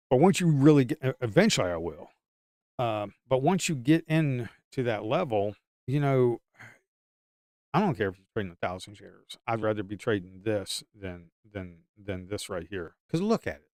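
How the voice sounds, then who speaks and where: A man's voice: mid-range voice, smooth, no echo, clean studio sound. A man giving live stock trading commentary in an emphatic, repetitive way.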